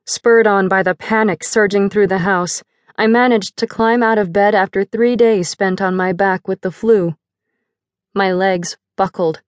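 A woman narrating a first-person audiobook in a measured, dramatic storytelling manner, close to a studio mic. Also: mid-range voice, steady tone, no room sound.

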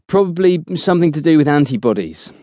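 A man's voice: fairly high pitch, expressive, fast talker, dry recording, voice pushed up, natural voice. A man voicing a level-headed male squad leader who reasons things out in a weary tone. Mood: pondering. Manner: weary, thinking out loud.

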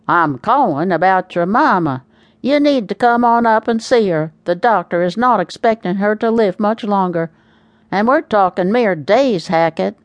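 A woman doing a gruff, grumbling old father. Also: mid-range voice, expressive, normal speed, no echo, natural voice.

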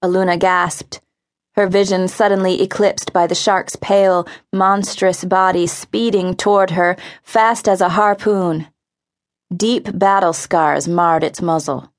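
A woman narrating a teen adventure audiobook with expressive, vivid storytelling. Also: on the low side, measured pace. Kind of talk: scripted narration.

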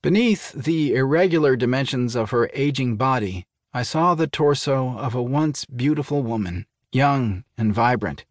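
A man's voice: medium pitch, animated, moderate pace, hardly any pauses, no room sound. Man narrating a thriller, dry studio sound. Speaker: audiobook narrator. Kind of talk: scripted first-person audiobook narration.

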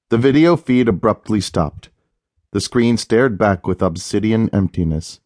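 Audiobook narrator: man, lowish pitch, steady delivery, close dry recording. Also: measured pace, dry recording. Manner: steady, even storytelling. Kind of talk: scripted narration.

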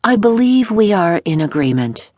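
A woman's voice: mid-range voice, very animated, normal speed, a little mellow, no room sound, pitched above the performer's own voice. A woman voicing a fussy, flamboyant middle-aged male dressmaker in an audiobook, with a theatrical, gushing manner.

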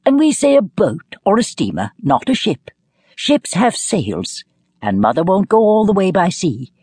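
A prim, snobbish middle-aged mother in an audiobook, primly correcting and looking down her nose, as a woman narrator voices her. The breathy voice rises and falls lively, and the recording is close and dry. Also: mid-range voice, unhurried, dry recording, voice pushed up, exaggerated voice.

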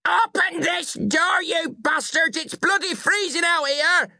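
A man voicing a drunk, furious middle-aged mother who yells and curses in a shrill, slurred voice, in an audiobook. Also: a little slow, no echo, studio quality, full character voice.

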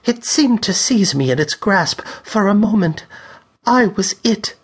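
A man voicing a frail young woman stage psychic, frightened and haunted, speaking in high trembling shrieks and pleas in an audiobook. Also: expressive, a little slow, breathy edge, exaggerated voice. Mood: terrified. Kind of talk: audiobook character voice.

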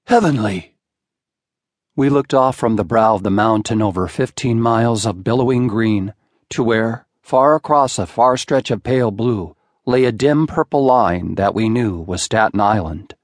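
A man narrating a classic short story in a measured, unhurried audiobook reading on a close studio mic. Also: on the low side, no room sound.

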